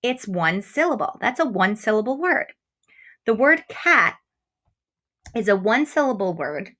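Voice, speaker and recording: A woman teaching a remote phonics lesson to young children. She is encouraging, speaks straight to her students and stretches out example words slowly. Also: mid-range voice, sing-song, pushed and bright. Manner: slow, exaggerated enunciation of example words. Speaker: first grade teacher.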